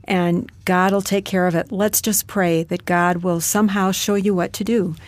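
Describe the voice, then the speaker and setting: A woman's voice: fairly low pitch, steady tone, moderate pace, no echo. A woman telling her personal story as a guest in an interview, in a plain storytelling manner. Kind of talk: personal testimony in a radio interview.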